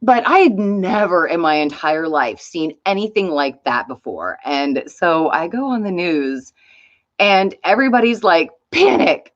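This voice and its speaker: A woman's voice: fairly low pitch, a little slow. Lady vlogging, swears a lot, voice bounces all over, kinda lo-fi sound. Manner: chatty, swears freely, animated retelling. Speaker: YouTube host. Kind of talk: casual vlog storytelling. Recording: slightly dull lo-fi sound.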